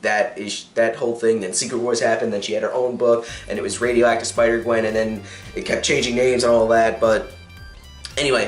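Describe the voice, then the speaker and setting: A young man casually reviewing a comic, recapping the plot in a rambling way with many fillers and restarts. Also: medium pitch. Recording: echoey room with faint music.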